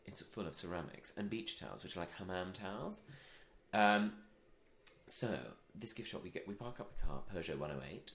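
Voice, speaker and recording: A man co-hosting a podcast, telling a story in casual chat with animated delivery and frequent laughter. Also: deep voice, moderate pace, slight background noise. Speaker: podcast co-host. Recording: echoey room.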